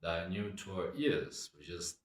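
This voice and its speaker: Low-voiced guy w a rambling thoughtfully, sounds far off in a roomy space. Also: lively intonation, moderate pace. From Botswana. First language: Setswana. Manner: reflective, meandering. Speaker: cultural commentator. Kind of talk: casual monologue. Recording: echoey room, away from mic.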